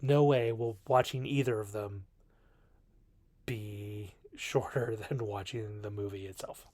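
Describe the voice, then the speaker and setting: A man's voice: on the low side, fairly even intonation, slow, a little mellow, dry recording. Guy rambling thru a movie review in his bedroom, goofy and self-deprecating, dry close sound. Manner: rambling, self-mocking, jokey. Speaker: video reviewer. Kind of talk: casual film review monologue.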